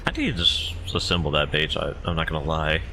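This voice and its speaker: A man's voice: very deep voice, quick pace, bright, forceful tone, a little hiss or hum. A man giving rambling, self-deprecating commentary while playing a video game. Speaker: gamer. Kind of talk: casual gameplay commentary.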